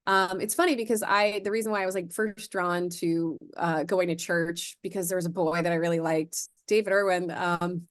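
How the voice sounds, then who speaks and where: A woman of about forty from Florida, speaking as a podcast guest. She tells her stories with lively energy and acts out the conversations she quotes. Her talk is full of "like" fillers and quick asides. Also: on the low side. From Florida, USA. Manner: animated, acts out quoted dialogue, frequent "like" fillers. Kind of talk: casual interview storytelling.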